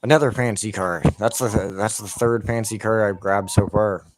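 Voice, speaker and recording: A man's voice: fairly low pitch, fairly even intonation, normal speed. A man giving heated, profane rants over gameplay commentary, with lots of filler "like". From Canada. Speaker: gameplay streamer.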